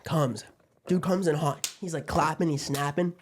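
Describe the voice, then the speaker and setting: Twenties guy rambling thru a story on a podcast, slightly high voice, lots of "i'm like". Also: fairly even intonation, moderate pace, a little hiss or hum. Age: 20s. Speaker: guest. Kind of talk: casual podcast chat.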